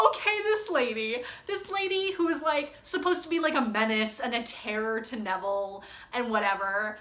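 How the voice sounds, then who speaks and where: A woman's voice: fairly high pitch, moderate pace, bright, forceful tone, roomy sound. A young woman book vlogger chatting casually and gushing about favorite moments, rambling with many likes and ums and reading passages aloud.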